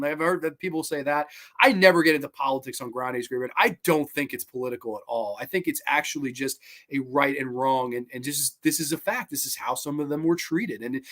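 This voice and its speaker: A man hosting a movie review show, talking excitedly and loosely, with frequent swearing. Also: a little high. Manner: excited, rambling, swears freely. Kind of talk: casual film commentary.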